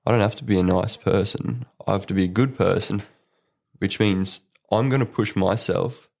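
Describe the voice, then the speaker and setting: A young Australian man with a creaky, lowish voice talks at a normal speed as a guest on a podcast. An apprentice electrician, he chats casually and tells his stories in a relaxed way, laughing throughout.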